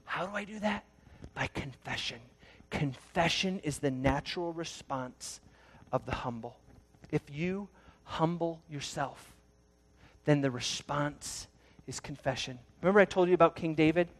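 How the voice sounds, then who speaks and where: A man's voice: fairly high pitch, unhurried. Man preaching with dramatic storytelling swings. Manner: dynamic storytelling, swinging from loud to hushed. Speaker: pastor. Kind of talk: sermon.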